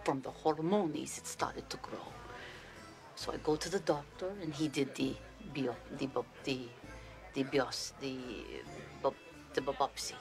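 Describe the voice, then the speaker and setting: This is a brash, forward middle-aged aunt from a film. She speaks low and slowly, confiding without any shyness. Music plays clearly under the clip. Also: steady tone. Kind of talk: film dialogue.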